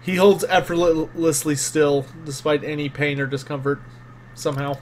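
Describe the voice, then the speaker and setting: A man's voice: on the high side, flat delivery, normal speed, a little hiss or hum. Give me a man narrating a tabletop game as game master in a casual, rambling way. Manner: casual, many fillers.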